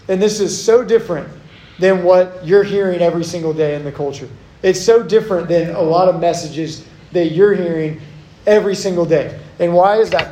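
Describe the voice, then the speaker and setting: High-voiced young man preaching in an echoey hall. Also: darkish tone. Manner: conversational, relatable storytelling. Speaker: youth pastor. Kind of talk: sermon. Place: church hall.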